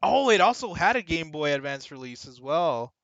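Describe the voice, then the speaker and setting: Excitable young man, bright dry voice. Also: on the high side, normal speed, no echo, highs cut off. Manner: excitable, swears a lot, talks to chat. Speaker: streamer. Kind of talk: casual gaming stream chat.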